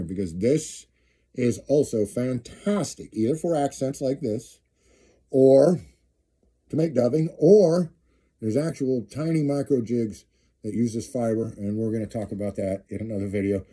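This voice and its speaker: A middle-aged man talks through a jig-tying demonstration in a relaxed, folksy way, often repeating his phrases as he works. His voice is very dark and mellow, with a husky edge. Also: mid-range voice, moderate pace. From eastern Kansas. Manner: folksy, chatty, repeats phrases while working. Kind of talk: casual how-to demonstration.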